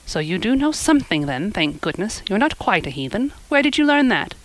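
A woman's voice: mid-range voice, big pitch swings, brisk, no echo, close to an everyday voice, poor audio. A woman voicing a strict, stiff older woman who admonishes a child, read in an audiobook. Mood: stern. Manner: stern, admonishing.

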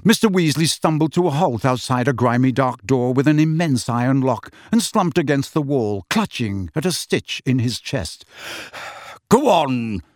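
A man narrating a fantasy novel in an expressive storytelling manner. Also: mid-range voice, moderate pace, few pauses, no echo, studio quality. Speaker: audiobook narrator. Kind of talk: scripted narration.

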